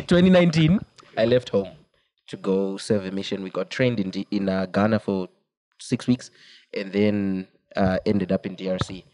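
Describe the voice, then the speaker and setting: A man's voice: fairly low pitch, animated, a little slow, darkish tone, dry recording, low-quality recording. A young man, a podcast co-host, telling a long personal story in casual chat, laughing often and quoting people in put-on voices.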